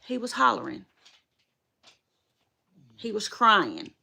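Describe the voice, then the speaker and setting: A woman's voice: medium pitch, big pitch swings, takes it slowly, gravelly, bright, forceful tone, slightly rough. A middle-aged woman, emotionally retelling a story to her viewers in a repetitive, emphatic way. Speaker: dog owner vlogger.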